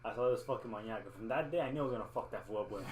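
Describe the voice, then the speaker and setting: Fast-talking young man, joking. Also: lowish voice, echoey room, a little hiss or hum, low-quality recording. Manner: fast, joking, swearing, mixes in Spanish slang. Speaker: podcast co-host. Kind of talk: casual chat among friends.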